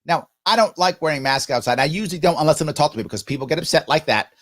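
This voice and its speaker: Animated New man hosting a live stream. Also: fairly high pitch, rapid-fire. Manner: animated storytelling with mocking voices and sarcastic asides. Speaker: livestream host answering viewer questions. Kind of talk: live ask-me-anything stream.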